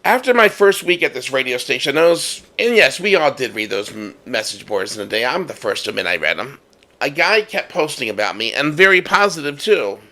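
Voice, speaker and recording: A man hosting a podcast, telling a personal story in a casual, animated way and acting out the voices he quotes. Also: mid-range voice, fairly quick. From United States. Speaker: podcast host.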